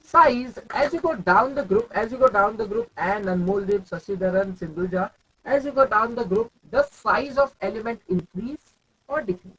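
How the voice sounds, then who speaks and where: A man's voice: high voice, expressive, moderate pace, fairly bright tone, slightly rough, low-quality recording. A young man with an Indian English accent teaching chemistry in a live online class, calling on students by name and repeating his questions.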